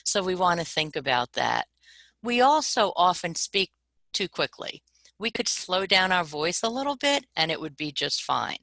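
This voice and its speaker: A woman's voice: fairly low pitch, very animated, moderate pace, gravelly, fairly bright tone, dry recording, low-quality recording. A woman co-presenting a webinar workshop, talking in a demonstrative way and acting out voice examples for her audience.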